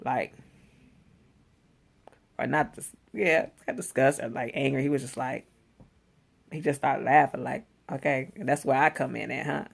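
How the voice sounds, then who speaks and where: A woman casually recapping a TV episode, animated and slangy, exclaiming as she retells scenes. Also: rumbling low, measured pace, creaky, long pauses, husky. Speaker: TV episode reviewer.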